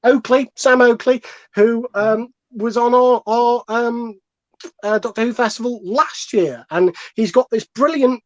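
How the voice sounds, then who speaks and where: A man's voice: sits high, a little slow, no room sound. A man, a comedian on a comic podcast, arguing his case in a rambling, digressive way with plenty of swearing. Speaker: comedian panelist. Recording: dull lo-fi dry sound.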